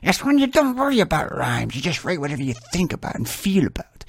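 A man's voice: fairly high pitch, sing-song, quick pace, creaky, husky, no echo, clean studio sound, pitched above the performer's own voice, exaggerated voice. A man voicing a strict elderly nun teacher who lectures in a put-on foreign accent. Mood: lecturing. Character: stern elderly female nun teacher, scolding.

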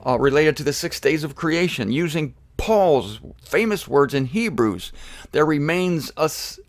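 A man's voice: fairly high pitch, animated, unhurried, no echo. A man giving a casual Bible lecture, reading quotes and breaking off for joking, self-deprecating asides. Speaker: Bible teacher.

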